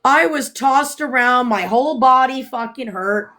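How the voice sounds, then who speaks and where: A woman on a livestream, telling a personal story in a blunt, heavily profane, animated way. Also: high voice, measured pace. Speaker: livestream host.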